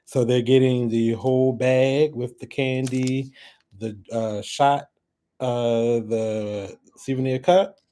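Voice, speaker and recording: A man hosting a casual giveaway vlog at home, chatting as he draws winners, laughing often and breaking into high excited squeals. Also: slow. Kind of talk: casual chat while drawing giveaway winners.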